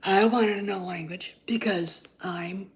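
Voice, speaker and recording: A woman's voice: medium pitch, fairly even intonation, a little slow. A woman hosting her own channel, talking in a blunt, heated, casual rant and swearing freely. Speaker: channel host. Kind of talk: casual ranting commentary.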